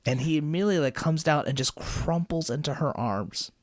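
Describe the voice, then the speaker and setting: A man hosting a casual podcast, retelling a cartoon episode in an animated, swearing, storytelling way. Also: on the high side, fairly quick, dry recording, studio quality. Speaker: podcast host.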